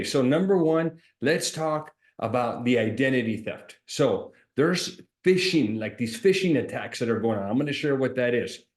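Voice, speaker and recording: A man working as an insurance agent who talks straight to his viewers, animated and sarcastic, explaining while he shares his screen. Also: mid-range voice, echoey room.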